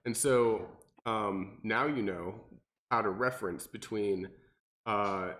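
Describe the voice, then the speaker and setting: A man, a personal trainer co-hosting a podcast, talking casually and animatedly with lots of fillers and restarts. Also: takes it slowly. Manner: animated, mimics people in exaggerated high voices, many fillers and restarts.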